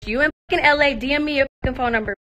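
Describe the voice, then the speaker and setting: Woman, high and bright, confrontational live-stream rant, profane and mocking, voice wearing thin. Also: rapid-fire. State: losing her voice.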